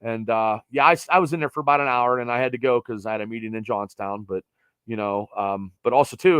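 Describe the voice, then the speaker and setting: A man's voice: mid-range voice, fast, clear, resonant tone, no echo. A middle-aged man from Pennsylvania hosting a podcast, chatting casually and rambling with lots of fillers. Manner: rambling, animated, trails off with fillers. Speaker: podcast host. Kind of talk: casual sports chat.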